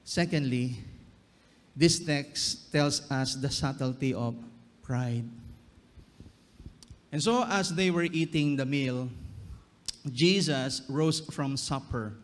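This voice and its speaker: A man preaching a sermon as pastor, switching between English and Tagalog with slow emphasis. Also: mid-range voice. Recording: long reverb of a church hall.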